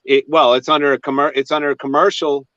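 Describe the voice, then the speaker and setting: A man's voice: fairly high pitch, flat delivery, quick pace, a bit bright, dry recording. A man hosting a casual chat, talking hesitantly with many fillers and restarts. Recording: dry, dull lo-fi sound.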